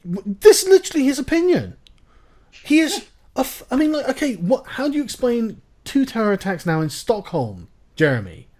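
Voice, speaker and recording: A man's voice: very high voice, huge pitch swings, normal speed, a little mellow. A man hosting a casual political chat, ranting with profanity and sarcasm. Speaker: host.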